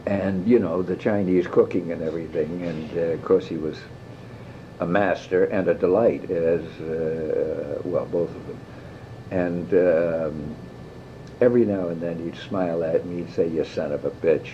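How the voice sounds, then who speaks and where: An older man, a guest actor, telling lively stories in an interview, swearing freely and mimicking others. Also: sits low, unhurried. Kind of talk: anecdotal interview. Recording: dull lo-fi tape with faint hiss.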